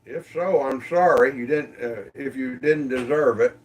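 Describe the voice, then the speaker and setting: A man's voice: mid-range voice, normal speed, recorded from a distance, a little hiss or hum. A man casually hosting a livestream from his phone, greeting viewers by name in an easygoing way. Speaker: livestream host. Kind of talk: casual livestream chat reading comments.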